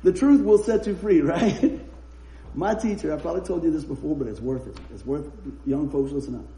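A man's voice: a little high, expressive, fairly quick, mellow, slight background noise. A man preaching a sermon, chatty and laughing as he tells anecdotes. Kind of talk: sermon with humorous storytelling. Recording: roomy echo.

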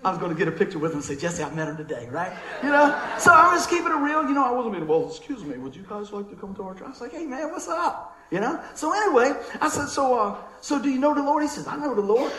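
Animated high-voiced preacher, echoey room. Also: male voice, fast talker, few pauses. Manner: animated, folksy storytelling with laughter. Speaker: pastor. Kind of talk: sermon storytelling.

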